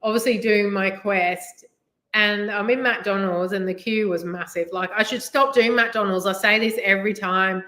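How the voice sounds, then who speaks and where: With a medium pitch, fairly even intonation and a bright, forceful tone, a middle-aged West Midlands woman talks at normal speed on her live stream. The English-accented delivery driver wanders through her chat, filling it with "like" and "you know," and the recording carries a roomy echo.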